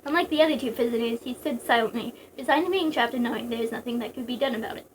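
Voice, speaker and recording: A woman's voice: on the high side, very fast, slight background noise, rough recording. A young woman casually reading a story aloud, breaking off for giggly jokes. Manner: giggly, joking digressions. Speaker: reader.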